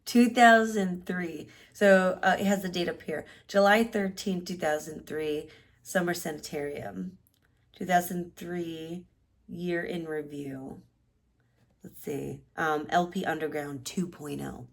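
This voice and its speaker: A woman in her thirties casually showing keepsakes to the camera, rambling with restarts and sounding nostalgic and softly sentimental. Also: low voice, fairly even intonation, measured pace, gravelly. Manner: softly sentimental, near tears at times; sleepy late-night talk. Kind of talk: casual show-and-tell chat.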